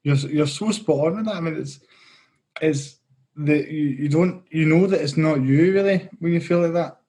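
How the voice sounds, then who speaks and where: A man's voice: fairly high pitch, moderate pace, mellow. A man hosting an interview podcast, agreeable and supportive, often affirming his guest. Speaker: podcast host. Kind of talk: conversational interview.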